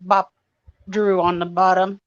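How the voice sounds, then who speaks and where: A middle-aged woman with a lowish voice chats casually in a plain, matter-of-fact way. The sound is dull and lo-fi. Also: flat delivery, unhurried. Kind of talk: casual chat. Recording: dull lo-fi live stream audio.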